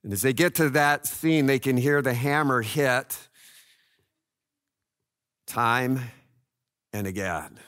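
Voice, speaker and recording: A man preaching a sermon, telling the story dramatically and swinging between loud cries and hushed low lines. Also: slow, long pauses, dry recording, clean studio sound. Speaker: pastor.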